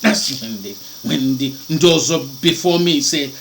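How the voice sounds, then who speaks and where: A man preaching an impassioned sermon, swinging between loud declamations and hushed, almost whispered lines. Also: mid-range voice, measured pace, gravelly, background noise. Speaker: spiritual preacher.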